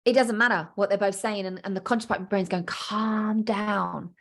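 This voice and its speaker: This is an animated woman, talking straight to her podcast listeners as a coach. She repeats herself for emphasis and slips into quick little voices for the thoughts in people's heads. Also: medium pitch. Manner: animated, acts out inner voices, emphatic repetition. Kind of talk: podcast monologue.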